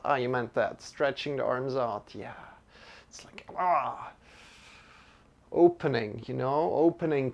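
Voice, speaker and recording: Guy teaching yoga on a live stream, easygoing and encouraging, slow talker with a bit of fry. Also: mid-range voice. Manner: gentle, encouraging, chatting with viewers between cues.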